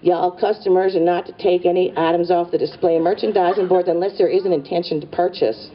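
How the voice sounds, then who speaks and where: A woman playing a stiff, officious male store clerk from Arkansas who recites shop rules in a flat monotone. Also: lowish voice, a little fast, lightly acted. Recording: distant, dull live recording with crowd and noise.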